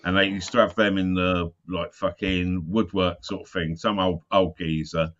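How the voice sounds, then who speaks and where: A man's voice: low voice, little pitch movement, moderate pace, fairly bright tone. A man rambling through school memories in a casual chat, laughing and swearing as he talks. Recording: muffled sound.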